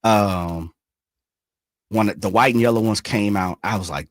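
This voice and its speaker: Male co-host, lowish voice, dry studio sound, loose rambling chat. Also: unhurried, long pauses, no room sound. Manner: relaxed, rambling, fumbles for words. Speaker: sports radio co-host. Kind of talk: casual sports talk. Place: radio studio.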